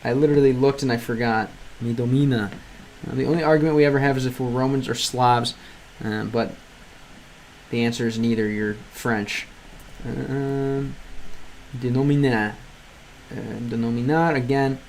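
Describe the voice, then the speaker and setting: Male streamer, average pitch, chatty and hesitant, translating aloud and answering chat. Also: steady tone, moderate pace, darkish tone, slight background noise. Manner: rambling and hesitant, many ums and restarts. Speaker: livestreamer learning Spanish through a game. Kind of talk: casual live-stream chat.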